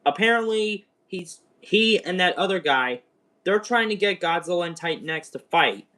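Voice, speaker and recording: A young man chatting through a spoiler review on a livestream, his voice sitting a little high. He rambles excitably, like an eager fan catching up with friends. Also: moderate pace. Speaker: show reviewer. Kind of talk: casual spoken review livestream.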